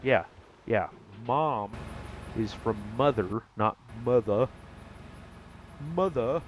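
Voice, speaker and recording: A fairly low-voiced American man rambles through a gaming live stream, joking with viewers. Faint noise sits behind his voice. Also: slow. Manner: rambling, jokey, talks to chat. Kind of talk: casual live-stream chat.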